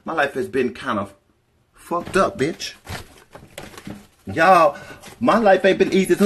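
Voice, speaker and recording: A woman telling a personal story in a casual vlog, animated and profane, talking straight to her viewers. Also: deep voice, takes it slowly, a little hiss or hum.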